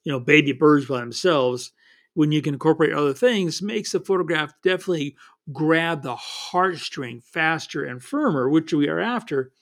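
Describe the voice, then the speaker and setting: A man's voice: on the high side, moderate pace, fairly bright tone. A man casually teaching wildlife photography in a folksy, meandering way, often restarting his sentences. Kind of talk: casual spoken photography tips.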